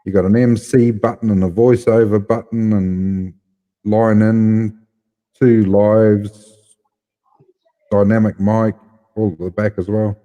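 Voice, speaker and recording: Kiwi male streamer, casual banter, warm dark tone. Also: on the low side, level tone, slow, pauses often, long reverb tail, lo-fi sound. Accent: New Zealand. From New Zealand. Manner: playful, joking. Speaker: livestream host. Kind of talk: casual live chat.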